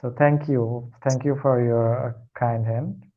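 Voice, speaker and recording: A man who is not a native English speaker, calling in as a learner and asking questions in a polite, hesitant, halting way. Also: medium pitch, steady tone, narrow, tinny audio. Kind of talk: deferential call-in questions.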